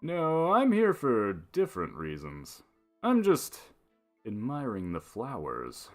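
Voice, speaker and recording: A man's voice: mid-range voice, wildly swooping pitch, slow. A playful, flirty knight, as a man reads him, with his voice swooping up and down as he teases. Game music plays faintly underneath. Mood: teasing. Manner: teasing, playful.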